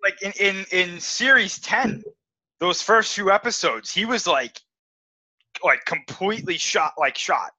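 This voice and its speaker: Male co-host, high and animated, chatty with fillers. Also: measured pace. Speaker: podcast co-host. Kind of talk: casual podcast chat. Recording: dull lo-fi audio.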